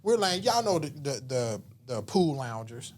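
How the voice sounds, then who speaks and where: A man's voice: mid-range voice, very animated, measured pace. A man, telling a story in casual, slangy talk and acting out voices and whispers. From Southern US. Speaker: podcast guest.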